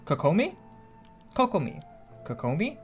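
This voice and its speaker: A man's voice: high voice, huge pitch swings, moderate pace, faint music behind. A man streaming a video game, chatting casually and thinking aloud with frequent restarts and fillers. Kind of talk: casual live-stream chat while gaming.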